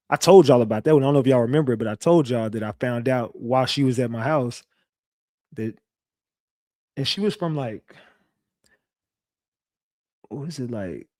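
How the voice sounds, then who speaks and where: A man's voice: medium pitch, darkish tone, dry recording, clean studio sound. A man hosting his own online show, telling stories to his viewers in a casual, profane, rambling way. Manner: profane, rambling, conversational storytelling.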